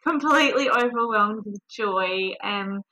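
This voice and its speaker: A young woman, a podcast guest, telling her birth story in a warm, animated, emotional way. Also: medium pitch, a little slow, low-quality recording.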